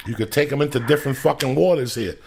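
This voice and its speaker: A middle-aged podcast host with a New Jersey accent, chatting boisterously and swearing freely. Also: male voice, mid-range voice, quick pace, vocal fry, a little mellow. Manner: boisterous, profane, brash. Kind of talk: casual podcast chat.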